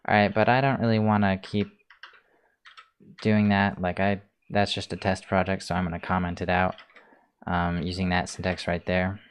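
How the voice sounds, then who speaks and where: A man hosting a casual screencast coding tutorial, talking through his steps in a relaxed way with many ums, keyboard clicks heard. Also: low-pitched, normal speed, clear, resonant tone. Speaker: tutorial host.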